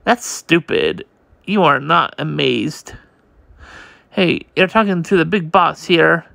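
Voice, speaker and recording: A man reads a comic aloud in a bright, very gravelly voice. He goes slowly and stumbles, restarting words, and the sound is dry and close. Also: on the high side, no echo. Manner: halting, slow reading with many restarts. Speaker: comic reader.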